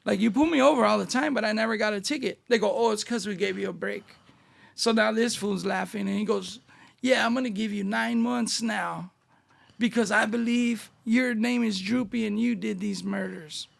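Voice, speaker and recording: La guy, middle-aged, raspy fry all over, high-ish voice, telling stories w/ lots of slang. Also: moderate pace. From Northeast Los Angeles. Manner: animated street-slang storyteller, acting out dialogue. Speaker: guest. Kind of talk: casual storytelling interview.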